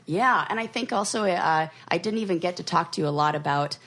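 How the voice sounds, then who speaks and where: A woman's voice: on the low side, fairly quick, a bit bright. A woman co-hosting a podcast in casual chat, talking loosely with lots of fillers and trailing sentences. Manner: chatty, many fillers, trails off. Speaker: podcast co-host.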